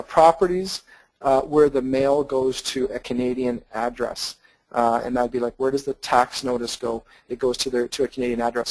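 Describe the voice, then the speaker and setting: A man walks listeners through market slides in an easygoing, explanatory manner, often pausing on fillers and restarting phrases. His voice has a gravelly edge at a middle pitch. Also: darkish tone, rough recording. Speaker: real estate investment presenter. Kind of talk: webinar slide presentation.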